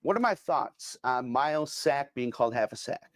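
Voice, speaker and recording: A man's voice: mid-range voice, lively intonation, normal speed, no room sound. A middle-aged man hosting a casual sports podcast alone, rambling with lots of fillers and repeats as he reads comments. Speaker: podcast host. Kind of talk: casual solo sports talk reading viewer comments.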